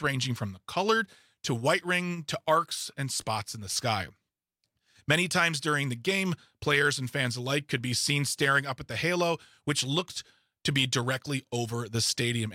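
Bright-voiced man reading headlines with asides. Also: medium pitch, dry recording, studio quality. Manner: reads news items aloud with asides and stumbles. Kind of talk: casual podcast chat.

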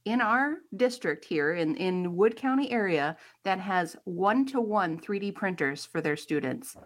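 A woman's voice: fairly low pitch, expressive, unhurried. A woman in her forties joining a radio show, chatting in an upbeat, teasing way. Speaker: radio show guest and co-worker. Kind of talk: casual radio chat.

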